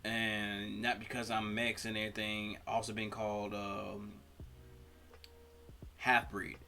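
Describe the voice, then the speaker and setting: A man hosting a reaction video, talking through personal stories in a rambling, halting way with many fillers. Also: lowish voice, completely flat delivery, sharp tone. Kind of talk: casual reaction commentary.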